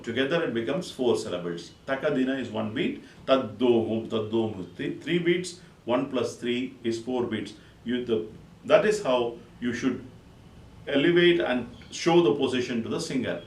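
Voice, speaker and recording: A man's voice: mid-range voice, animated, normal speed, a little hiss or hum. Man teaching rhythm from across a roomy space. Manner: counts beats aloud and recites drum syllables in bursts. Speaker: music teacher. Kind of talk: spoken music lesson with counting and rhythm syllables. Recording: echoey room, voice from a distance.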